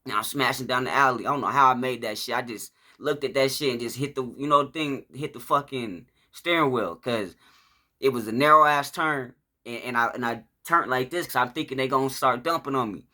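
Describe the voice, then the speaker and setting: Male storyteller, casual profane monologue, bright and sharp voice, mid pitch. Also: fairly quick. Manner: profane, rambling, acts out shouts and quotes. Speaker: vlogger telling his life story.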